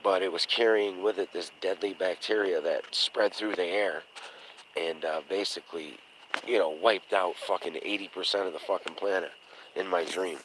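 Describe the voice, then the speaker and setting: Low-voiced, profane male livestream host. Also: fairly even intonation, moderate pace, background noise. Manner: blunt, profane storytelling; acts out quoted voices. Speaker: podcast host. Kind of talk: casual livestream chat.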